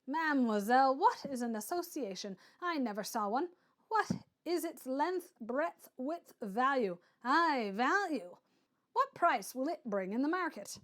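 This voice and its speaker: A woman doing a loud, sneering gentleman. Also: sits high, lively intonation, voice pushed up. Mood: mocking. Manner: loud, emphatic, drawn-out stresses. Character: scornful blunt Englishman, mocking and sneering.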